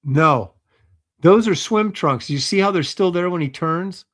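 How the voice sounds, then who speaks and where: A man's voice: sits high, animated, measured pace, fairly bright tone. Skeptical man hosting a casual livestream. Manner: sarcastic, skeptical, reads viewer comments aloud. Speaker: livestream host.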